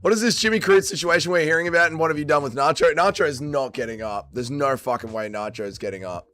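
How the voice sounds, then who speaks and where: Australian man, smooth voice, still drunk. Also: on the high side, fast, a bit bright, dry recording, faint music behind. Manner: swearing, laid-back banter with chat. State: still drunk and tired after a late night. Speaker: livestream host. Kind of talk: casual livestream chat.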